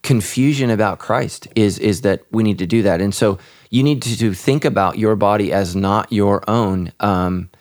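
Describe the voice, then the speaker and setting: A man's voice: fairly low pitch, normal speed, a little mellow. A man who is a pastor and podcast host, talking earnestly, often repeating words and restarting. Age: adult with children. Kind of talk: casual podcast conversation.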